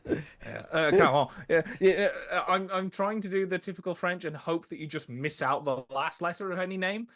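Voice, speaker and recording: A man's voice: high-pitched, normal speed, fairly bright tone, no echo. A man casually talking through an old musical film as a podcast co-host, hesitant, with many fillers and restarts. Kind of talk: casual film review chat.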